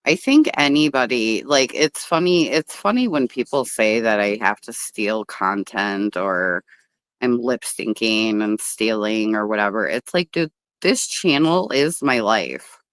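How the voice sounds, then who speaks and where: A woman hosting a casual livestream, talking to viewers from a table outdoors. Her pitch swings widely as she chats, and she is blunt and swears freely. The sound is dry, with little echo. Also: expressive, measured pace. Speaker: livestream host.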